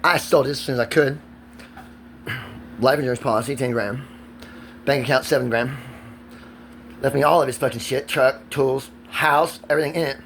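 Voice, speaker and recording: Man in his 40s, gravelly fry-laden voice, profane rambling vlog rant, faint background hum. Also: medium pitch, steady tone, moderate pace, pauses often, fairly bright tone. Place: outdoors.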